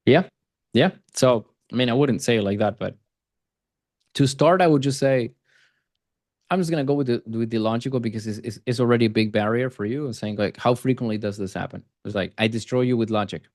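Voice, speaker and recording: A man's voice: mid-range voice, a little fast, a little mellow, dry recording, clean studio sound. A man coaching a group on sales calls in a casual, conversational way, often acting out what he would say to a prospect. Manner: conversational, repetitive fillers, acts out sales call lines. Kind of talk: live coaching session.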